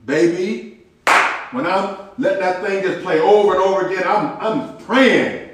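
A man's voice: high voice, unhurried, far from the mic, slight background noise. A man preaching a sermon in an emphatic, repetitive, folksy manner. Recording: roomy echo.

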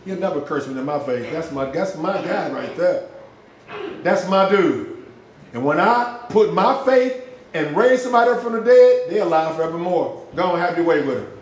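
A man preaching a sermon with passion, using street slang, swinging between loud shouts and low hushed lines. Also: expressive, moderate pace, reverberant, a little hiss or hum. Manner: uses street slang for emphasis.

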